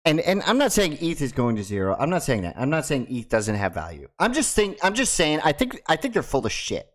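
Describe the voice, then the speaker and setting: A man's voice: fairly high pitch, wildly swooping pitch, fairly quick. A man hosting his own video, talking casually and ranting in a mocking way. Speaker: crypto video host. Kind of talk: casual monologue to camera.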